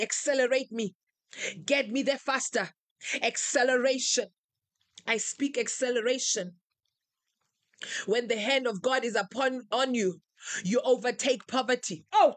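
Fervent high-voiced woman preacher, dry sound. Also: no room sound. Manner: fervent, chanting names and declarations; repetitive, rhythmic calls. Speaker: preacher leading online prayer. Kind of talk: live-streamed prayer session.

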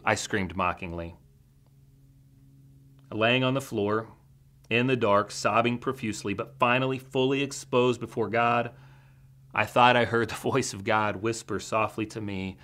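A male pastor delivers a sermon in a church. His voice sits a little low for a man, and he talks in an earnest, measured way, like someone telling a story with care. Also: steady tone, a bit bright. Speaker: teaching pastor.

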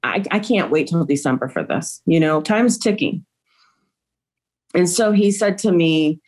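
A woman's voice: lowish voice, lively intonation, unhurried, darkish tone. A middle-aged woman, a grieving mother, recounting events in an interview with emotion and acting out quoted dialogue.

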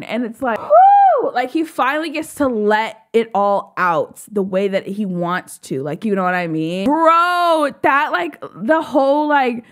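High, excitable woman reacting. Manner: excitable, gushing, exclaims often. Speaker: YouTube reaction host. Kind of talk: music video reaction commentary.

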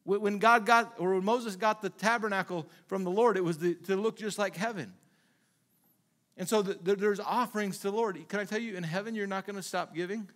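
High-voiced man preaching conversationally. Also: steady tone, fairly quick, fairly bright tone. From Minnesota. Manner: conversational preaching, frequent rhetorical questions and acted-out quotes. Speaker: pastor. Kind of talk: sermon.

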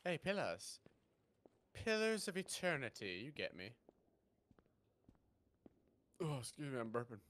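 A man's voice: medium pitch, very animated, moderate pace, a bit bright. A young man hosting casual co-op gameplay, joking, swearing and exclaiming at scares. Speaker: gaming channel host.

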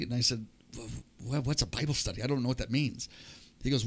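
An older man with a medium-pitched voice, speaking a little fast, appears as a guest on a podcast. He animatedly tells his personal testimony and acts out the voices of people in the story.

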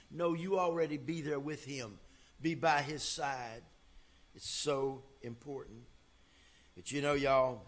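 Folksy preacher man. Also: mid-range voice. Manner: folksy, emphatic preaching with big swings in loudness. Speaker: pastor. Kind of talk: sermon.

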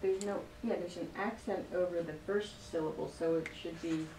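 A student in a class who asks a hesitant, soft-spoken question. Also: medium pitch, fairly even intonation, normal speed. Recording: echoey room from far off, faint noise.

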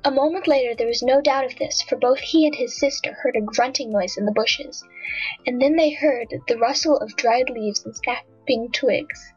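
A woman narrating a children's storybook in a husky voice. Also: sits high, normal speed, a little mellow. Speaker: audiobook narrator. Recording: dull lo-fi audiobook with faint music.

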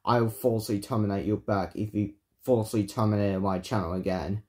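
A man ranting angrily in a vlog, swearing often and repeating himself in halting bursts. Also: fairly low pitch, fairly even intonation, a little mellow. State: angry. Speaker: YouTuber. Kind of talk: angry vlog rant.

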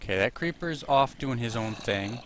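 A man's voice: medium pitch, lively intonation, normal speed, fairly bright tone, slight background noise. A man casually commenting on his own gameplay, chatting to himself and yelping at monsters.

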